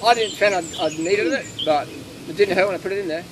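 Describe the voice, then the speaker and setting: A man giving blunt, animated answers and stories to an audience in a casual Q&A at an outdoor gathering. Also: high-pitched, fast talker. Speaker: speaker answering audience questions. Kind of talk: casual Q&A talk with anecdotes. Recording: noisy outdoor ambience with traffic.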